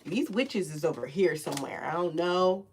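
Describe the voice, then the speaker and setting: A woman giving a casual spiritual tarot reading, loose and profane, laughing often and stretching out soft repeated words. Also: fairly low pitch, animated, moderate pace, heavy background noise. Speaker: tarot reader.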